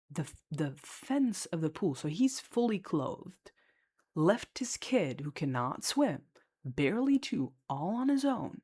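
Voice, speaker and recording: Woman with a low voice, casual storyteller, chatty, blunt and sweary, lots of filler words. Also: a little mellow. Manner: chatty and candid, swears freely, heavy on fillers. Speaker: lifeguard.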